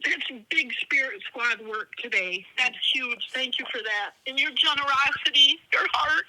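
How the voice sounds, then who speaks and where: A woman calling into a live show, her high voice thin and tinny over a phone line. She sounds emotional and grateful, her voice breaking at times. Her tone is very bright and sharp. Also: moderate pace. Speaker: caller. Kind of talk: live call-in conversation. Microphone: telephone.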